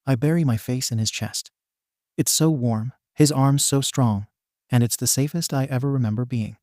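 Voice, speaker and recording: A man narrates a story in a steady, even reading. His voice sits in an ordinary middle pitch. The recording is close and dry, with no room sound. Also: normal speed, no room sound. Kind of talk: reading a fan fiction story aloud.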